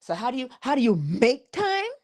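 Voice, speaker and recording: Lively preacherly woman, high voice. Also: moderate pace. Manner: lively, preacherly calls, laughs often. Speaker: motivational speaker. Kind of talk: morning inspirational talk.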